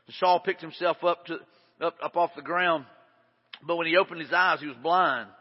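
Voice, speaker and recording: A male pastor with a high voice delivers an emphatic, conversational sermon, often circling back and repeating phrases. He sounds like he is in a large church hall with a long tail of reverb, and the recording is dull and lo-fi. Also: moderate pace, breathy edge.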